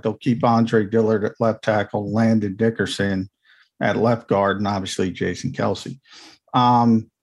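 In a relaxed podcast chat, a medium-pitched man who is a team insider analyzes football casually, explaining each point in chatty runs and tossing in quick asides along the way.

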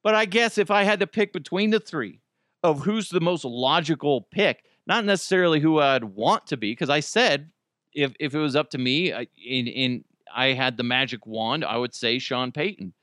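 Lively, bright-voiced male podcast host. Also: fairly high pitch, normal speed, no echo, clean studio sound. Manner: joking, rambling, with lots of restarts. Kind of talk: casual solo podcast monologue.

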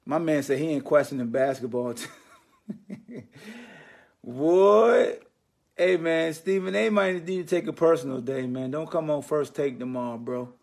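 A man hosting a sports podcast, riffing in an animated, slangy, mocking way. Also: on the high side, brisk, gravelly, few pauses. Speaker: podcast host. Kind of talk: casual sports commentary monologue.

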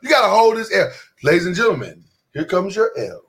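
A man's voice: high voice, a little fast. A man co-hosting a casual podcast chat, emphatic and preachy, with speech. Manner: animated, emphatic, preachy rants. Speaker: podcast co-host.

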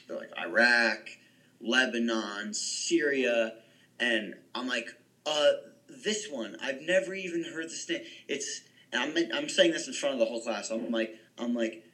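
A man's voice: fairly low pitch, pushed and bright, low-quality recording. A young man co-hosting a podcast, rambling through a story in casual chat. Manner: rambling, self-deprecating. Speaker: podcast co-host.

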